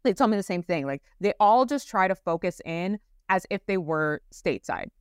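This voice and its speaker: Woman co-host, chatty and animated sports talk, smooth low-ish voice, dry close recording. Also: normal speed, no echo. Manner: animated, laughs often, many fillers. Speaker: podcast co-host. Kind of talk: casual sports chat. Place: traveling abroad.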